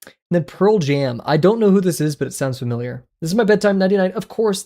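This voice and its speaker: A man's voice: high voice, lively intonation, quick pace, warm tone. A man chatting casually on a livestream while playing web games, reacting aloud with sudden yelps and mumbled asides. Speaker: art livestreamer.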